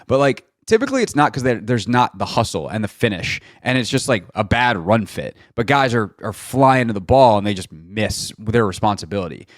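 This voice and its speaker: A man with a fairly low voice hosts a sports talk show and walks through game footage in loose, rambling chat. He keeps restarting his sentences and filling gaps with "um" and "like". The sound is dry and close, with no room in it. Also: sing-song, fairly quick, few pauses, no echo. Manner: chatty, many fillers and restarts. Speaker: sports radio host. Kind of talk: casual football film breakdown.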